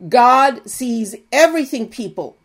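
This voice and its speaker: A woman's voice: on the high side, animated, a little slow. An older woman preaching, telling an earnest personal testimony and exhorting her listeners.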